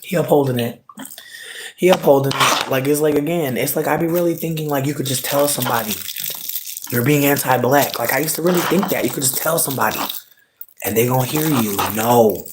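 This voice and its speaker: A man's voice: medium pitch, brisk, noisy background. A young man, telling a profane, heated storytime rant in a vlog and acting out what people said. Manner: heated, profane, quotes people in exaggerated voices. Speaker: vlogger.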